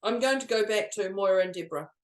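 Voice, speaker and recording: Woman co-host, chatty, laughs a lot, echoey room, mid pitch. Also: quick pace. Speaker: podcast co-host, coach. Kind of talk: casual chat.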